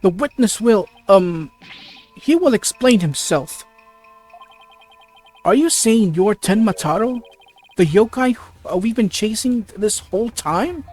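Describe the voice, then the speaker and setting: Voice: mid-range voice, animated, takes it slowly, long pauses, a little mellow, faint music behind. A reader voicing a bewildered older male judge in a let's play, asking puzzled questions and stumbling over the words. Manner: stammers over the lines. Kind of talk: let's play dialogue reading.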